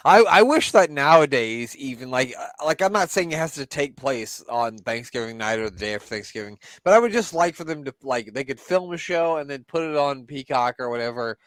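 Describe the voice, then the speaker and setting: A man co-hosting a casual wrestling podcast, talking in animated, swearing bursts. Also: mid-range voice, a little fast, few pauses, no room sound. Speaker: podcast co-host. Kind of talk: casual chat.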